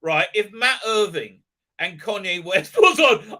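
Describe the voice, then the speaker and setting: A man's voice: sits high, normal speed, pushed and bright. A middle-aged man hosting a live stream, rambling casually with lots of fillers and blunt jokes. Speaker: host.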